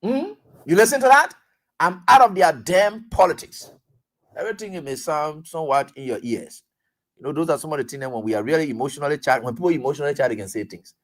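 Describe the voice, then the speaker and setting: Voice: mid-range voice, big pitch swings, fast. A radio talk host, giving political commentary in an emphatic way, full of repetition and rhetorical questions.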